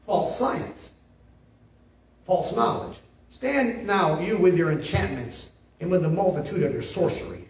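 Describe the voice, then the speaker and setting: A man's voice: high voice, lively intonation, unhurried, darkish tone, slight background noise. A male pastor preaching a sermon in an emphatic, repetitive way, often checking in with "see?". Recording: echoey room, mic at a distance.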